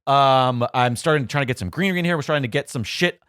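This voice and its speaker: A man's voice: mid-range voice, quick pace, fairly bright tone, clean tone, no room sound. Rambling male podcast co-host, dry studio sound. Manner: rambling, many fillers, reads listener mail aloud. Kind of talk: casual podcast chat. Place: small home studio. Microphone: studio mic.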